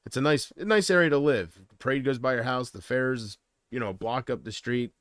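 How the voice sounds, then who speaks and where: A man's voice: medium pitch, fairly quick, fairly bright tone, no echo, studio quality. A man chatting casually on a livestream from home, rambling and hesitant, often trailing off.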